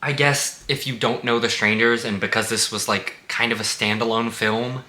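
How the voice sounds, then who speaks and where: Sarcastic man with a bright, cutting voice. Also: medium pitch, fairly even intonation, moderate pace. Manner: blunt, sarcastic, swears freely. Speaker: movie reviewer. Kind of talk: casual spoken review. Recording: echoey room.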